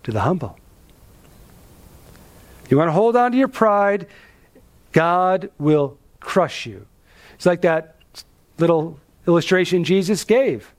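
Emphatic high-pitched male preacher. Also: animated, measured pace, long pauses. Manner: emphatic, with rhetorical questions and dramatic drops in pitch. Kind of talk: expository sermon.

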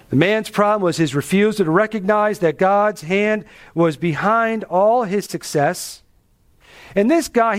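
High-pitched guy preaching, pastor teaching a bible passage, chatty but emphatic, lots of questions to the crowd. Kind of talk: expository sermon.

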